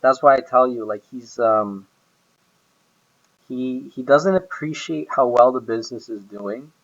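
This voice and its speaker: An unhurried man with a mid-range, slightly bright voice rambles about his boss in a casual recorded talk, hesitating and restarting frequently. The recording is muffled.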